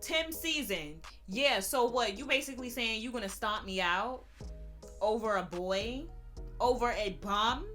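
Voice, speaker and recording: A woman, telling a sassy, animated storytime vlog. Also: fairly high pitch. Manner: sassy, animated, quick-witted. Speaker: YouTuber. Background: background music.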